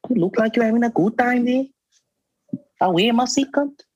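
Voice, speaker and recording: Man doing a friendly South African bro, high and sing-song, dry close sound. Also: moderate pace, a little mellow, no room sound. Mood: friendly banter. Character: chummy South African bro, male adult.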